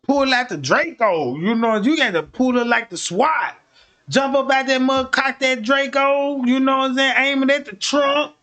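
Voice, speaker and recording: A man with a high voice rattles off a profane comedic rant, acting out each scene with animated energy. He sounds like a streamer riffing to his audience. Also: moderate pace. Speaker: streamer commentator.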